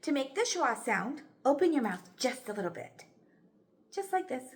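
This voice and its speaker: A woman teaching a phonics lesson, slowly sounding out words and praising often. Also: high-pitched, big pitch swings. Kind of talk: slow, clear classroom instruction. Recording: echoey room.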